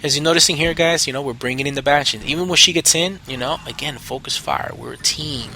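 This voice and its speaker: Male gaming host, bright and forceful, chatty rambling voice-over with lots of restarts, faint noise under it. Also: a little high, quick pace, creaky. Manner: rambling, enthusiastic, many fillers and restarts. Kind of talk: gameplay commentary voice-over.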